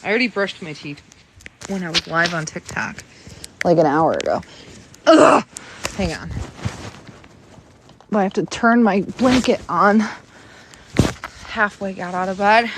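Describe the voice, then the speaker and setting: A woman's voice: fairly low pitch, lively intonation, a little slow, long pauses, noisy background. A sleepy young woman rambling and swearing casually while livestreaming from bed on her phone at night. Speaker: live streamer. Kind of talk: late-night livestream chat. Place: in bed in a bedroom.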